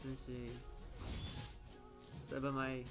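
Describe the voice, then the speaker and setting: A man's voice: medium pitch, monotone, normal speed, over music. A young man with a Floridian accent chatting casually while playing a game, reacting aloud and often trailing off mid-sentence. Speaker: gaming content creator. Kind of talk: casual gameplay commentary.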